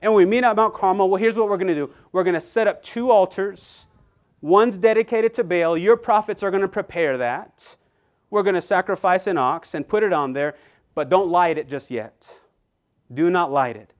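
Pastor voicing a brash, goading prophet, pushed high and loud, voice ringing clear. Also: male voice, normal speed, natural voice. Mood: determined. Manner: sarcastic and goading, voice pushed higher and louder. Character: bold, taunting male Old Testament prophet. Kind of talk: acted quote within a sermon.

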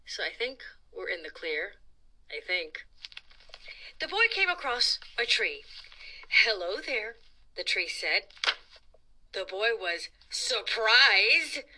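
A woman hosting a children's storytime, reading aloud in an expressive, playful, dramatic way. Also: mid-range voice, slow, long pauses, poor audio. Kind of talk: animated read-aloud storytime.

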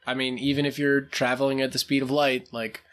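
A man co-hosting a podcast who talks at a medium pitch. He explains the science patiently, in a relaxed, casual tone, pausing on fillers as he goes. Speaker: podcast co-host. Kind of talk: casual chat.

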